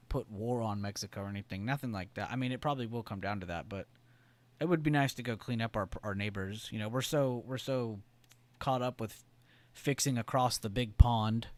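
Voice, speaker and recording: A man hosting a live trading stream, chatting casually and reading out viewer comments in a rambling, joking and profane way. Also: mid-range voice. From United States.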